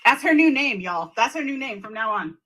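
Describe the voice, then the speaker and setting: Giggly woman with a lively, bright voice. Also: fairly high pitch, a little fast. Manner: giggly, crude insults. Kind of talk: casual livestream chat.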